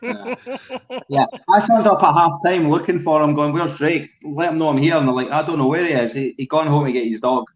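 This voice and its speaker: A man's voice: a little high, fairly quick, muffled recording, a crowd in the background. A man telling a long, rambling fan story in a casual podcast chat, with lots of ums. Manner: rambling, relaxed, many ums.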